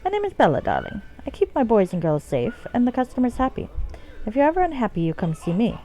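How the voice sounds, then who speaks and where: Her pitch swoops wildly as she talks fast in a warm tone, playing a sultry female brothel madam in game dialogue she reads aloud. The accent is put on, and she calls it terrible; her drawled endearments dip in deep swoops. The recording is rough.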